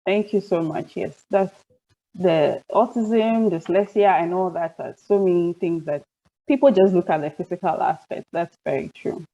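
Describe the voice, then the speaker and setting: A woman's voice: on the low side, moderate pace, dark tone, lo-fi sound. A woman, moderating an online panel and framing long questions for the guests. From Ghana.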